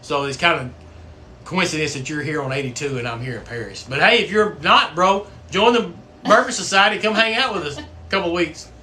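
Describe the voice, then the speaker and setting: A man's voice: on the high side, a little fast, sharp tone, a little hiss or hum. A middle-aged man hosting a casual livestream, folksy and swearing freely. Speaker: livestream host; coach.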